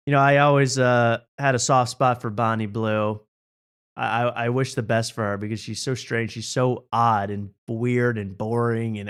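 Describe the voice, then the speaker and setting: Joking late-night host. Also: male voice, medium pitch, a bit bright. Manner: mocking, joking. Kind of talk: casual late-night chat.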